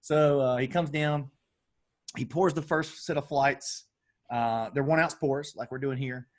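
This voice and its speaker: A man in his thirties from Alabama with a Southern twang, an animated, self-deprecating guest chatting about games and whiskey. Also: medium pitch, measured pace. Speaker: guest, game designer. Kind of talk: casual chat.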